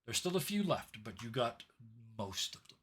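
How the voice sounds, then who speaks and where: A man's voice: medium pitch, sing-song, moderate pace, a bit bright, breathy edge. A young adult man narrating a tabletop game as game master, storytelling with added sound effects.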